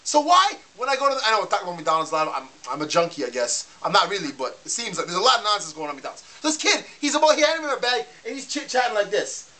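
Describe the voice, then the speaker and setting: A fired-up young-sounding man rants straight to camera. His voice is bright and edgy, and the words tumble out fast. He stammers and restarts lines as the anger builds. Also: high-pitched, big pitch swings. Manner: fired-up, heated, restarts and stammers when worked up. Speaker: vlogger ranting to camera. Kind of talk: casual rant.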